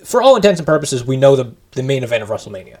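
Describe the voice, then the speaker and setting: Male co-host, loose conversational recap, wry and lively. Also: medium pitch, very fast. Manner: animated, sarcastic recapping. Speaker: podcast co-host. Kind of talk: casual wrestling chat.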